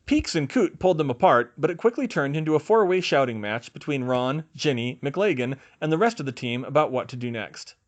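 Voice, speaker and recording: A man narrating a fan fiction audiobook in a steady, even storytelling manner. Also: on the high side, a little fast, few pauses.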